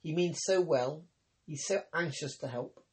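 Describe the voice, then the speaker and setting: A man voicing a grave, ironic young woman healer, speaking calmly and teasingly in an audiobook reading. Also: a little high, unhurried, lightly acted. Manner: calm, teasing, persuasive.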